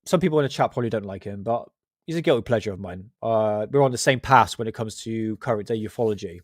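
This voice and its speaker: A man's voice: on the low side, fast, dry recording. Male streamer, West Country accent, casual self-mocking banter, dry sound. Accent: West Country English. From Southwest England. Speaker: livestream host. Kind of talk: casual livestream chat.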